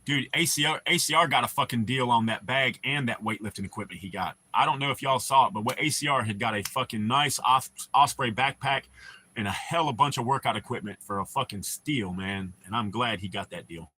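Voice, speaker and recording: A man's voice: medium pitch, a little fast, pushed and bright, a little hiss or hum. A young American man hosting a casual livestream, telling rambling, profane stories to his chat. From United States. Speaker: livestream host.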